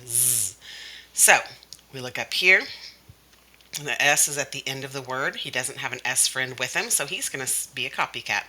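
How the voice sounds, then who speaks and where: A woman's voice: a bass voice, sharp tone, a little hiss or hum, rough recording. A woman teaching kindergarten, walking through a workbook step by step and sounding out letter sounds as she explains. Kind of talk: instructional workbook walkthrough.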